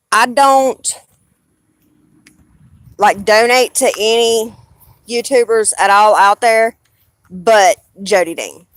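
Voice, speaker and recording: A woman's voice: mid-range voice, no echo. A woman with a Southern US accent chatting casually on a live stream, rambling and blunt, swearing freely.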